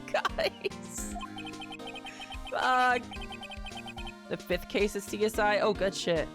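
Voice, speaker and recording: A woman's voice: medium pitch, takes it slowly. A young woman streamer commenting on a game she plays, sarcastic and swearing freely. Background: game music.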